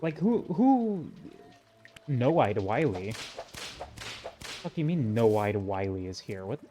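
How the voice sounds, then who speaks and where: A man's voice: mid-range voice, big pitch swings, slow, background noise. A man streaming a video game live, chatting loosely to himself and his viewers with jokey, rambling asides. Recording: music playing under the voice.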